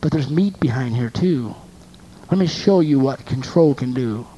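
In this sermon, a preacher with a warm, mellow, mid-range voice leans on rhetorical questions and repeated phrases, moving between loud, emphatic lines and quiet asides. The intonation is lively and the pace a little slow. The audio has its highs cut off, with a faint hiss or hum.

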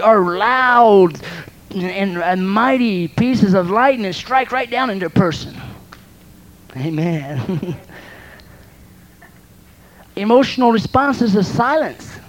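A woman's voice: mid-range voice, lively intonation, takes it slowly, long pauses, low-quality recording. A woman preaching a sermon, exhorting her listeners and often repeating words as she restarts.

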